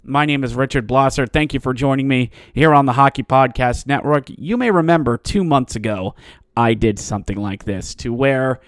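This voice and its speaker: A man hosts a solo sports podcast, mocking and ranting in sarcastic commentary that rises into exasperated outbursts. His voice is mid-range at a moderate pace, with clean studio sound and no room sound.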